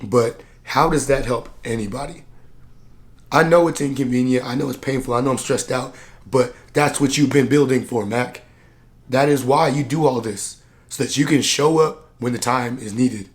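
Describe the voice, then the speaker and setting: A man who works as a coach, talking candidly to camera in a vlog, earnest and reflective, and tired and low on energy. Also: normal speed. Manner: earnest, reflective, plain-spoken with many "like" fillers. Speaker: personal development coach and vlogger.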